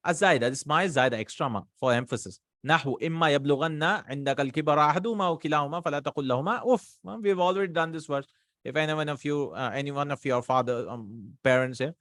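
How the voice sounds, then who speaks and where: A man teaching a grammar lesson, explaining quickly and checking in often with the students. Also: fairly high pitch, fairly bright tone, dry recording, studio quality. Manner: quick explaining with frequent checks like "right?" and "hmm?". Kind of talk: recorded online lesson.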